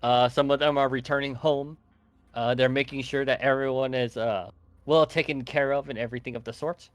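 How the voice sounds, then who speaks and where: A man narrating as dungeon master of a tabletop game, relaxed and loose, with lots of fillers. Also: mid-range voice, fairly quick, no echo.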